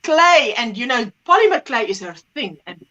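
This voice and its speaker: Middle-aged woman host, bright high voice, animated chat, acts out the people in her stories. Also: moderate pace, dull audio. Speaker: livestream host. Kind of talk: casual chat.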